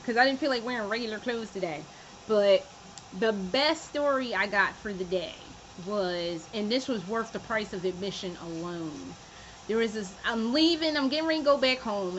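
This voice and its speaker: A woman's voice: fairly high pitch, fairly bright tone, highs cut off, a little hiss or hum. A young woman chatting casually in a home vlog, profane and often laughing. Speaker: vlogger. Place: room at home.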